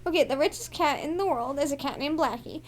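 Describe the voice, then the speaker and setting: A woman's voice: high voice, fast, a little hiss or hum. A young woman co-hosting a casual podcast, rambling through playful stories with some swearing. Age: young adult. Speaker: podcast co-host. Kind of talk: casual chat.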